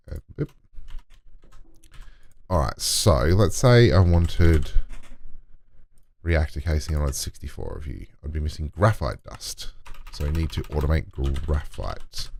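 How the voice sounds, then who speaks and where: Super deep voiced guy playing a game, gravelly, bouncy up and down, chatting to himself. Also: a little mellow, no echo. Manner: mutters to himself while playing, talks to in-game items. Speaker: let's play gamer. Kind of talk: casual gameplay commentary.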